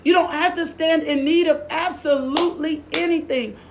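High-voiced fervent woman preaching. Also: fairly even intonation, normal speed, darkish tone. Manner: fervent, repetitive, exhorting with laughs. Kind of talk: preaching sermon.

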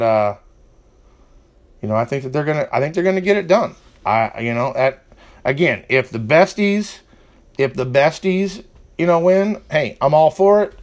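A man hosting a casual wrestling preview podcast, rambling with fillers and turning to a heated rant. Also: mid-range voice. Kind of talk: casual chat.

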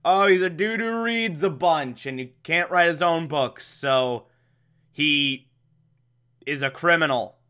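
Sarcastic reviewer drawling through an episode recap, bright clear tone, kinda exasperated. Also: mid-range voice, slow pace. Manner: sarcastic, exasperated, bursts into laughter. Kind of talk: casual recap commentary.

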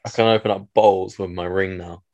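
A man's voice: low voice, steady tone, brisk, a little mellow. A young man, bantering playfully as a podcast co-host. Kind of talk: casual chat.

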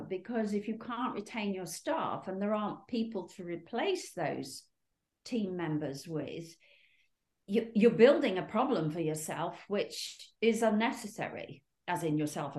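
A woman's voice: on the low side, a little mellow. A woman speaking reflectively in a casual conversation. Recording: roomy echo.

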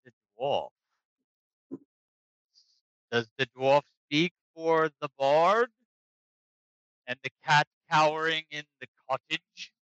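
A man narrating as game master in a tabletop game, describing scenes slowly and with detail. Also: a little high, a bit bright, smooth, no room sound, muffled recording. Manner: slow, descriptive storytelling.

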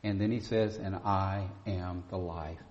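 A man's voice: low voice, fairly even intonation, a little slow, darkish tone. A man preaching a sermon with an emphatic, repetitive cadence that rises for emphasis. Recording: dull sound with long reverb.

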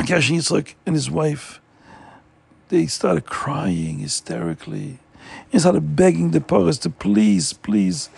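Gravelly-voiced man telling a story. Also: on the high side, slow pace, long pauses, dry recording. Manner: animated, emphatic retelling. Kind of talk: oral storytelling.

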